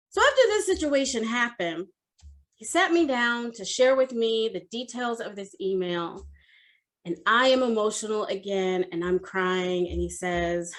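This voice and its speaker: A middle-aged woman career coach giving a motivational talk, telling a personal story in an animated, conversational way. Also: mid-range voice, unhurried.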